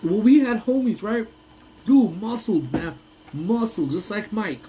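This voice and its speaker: A man hosting a casual live chat on his lunch break, telling stories with big swings from low mutters to high exclamations. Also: expressive, a little slow, noisy background. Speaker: live stream host. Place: parked car on a lunch break.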